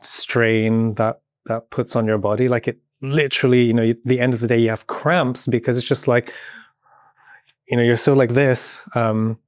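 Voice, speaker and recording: A lively British man talks as a podcast guest in a mid-pitched voice. His delivery is playful and animated, full of easy filler words and frequent laughter. The recording is dry and close. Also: normal speed, dry recording. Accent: British English. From Britain. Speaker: podcast guest, movement artist. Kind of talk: casual chat.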